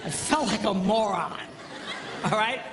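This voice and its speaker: A man's voice: sits high, expressive, measured pace. A man in his fifties telling self-mocking stories to a live audience, acting out the voices. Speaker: comedic speaker. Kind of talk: live stand-up style storytelling. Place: large hall with live audience. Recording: live stage, long hall reverb, audience noise.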